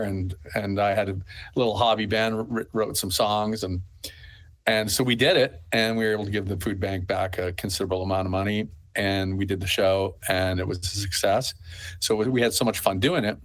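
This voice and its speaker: A middle-aged Canadian man talks low and easy, a festival owner giving an interview. He wanders through his anecdotes and fills the gaps with ums and you-knows. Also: fairly even intonation, normal speed. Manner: rambling storyteller, full of fillers. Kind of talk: conversational interview.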